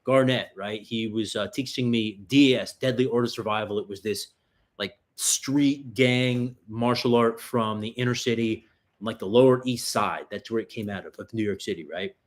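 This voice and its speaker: A man's voice: fairly low pitch, normal speed. A man hosting a self-defense livestream, telling rambling street-fight stories in casual, profanity-heavy chat. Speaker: self-defense channel host.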